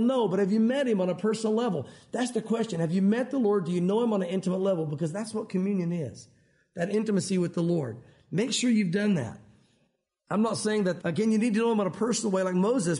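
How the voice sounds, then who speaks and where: Fast-talking Tennessee pastor, high voice. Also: male voice, darkish tone. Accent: Tennessee Southern US. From Tennessee, US South. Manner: fast-talking, conversational preaching with frequent restarts. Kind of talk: sermon.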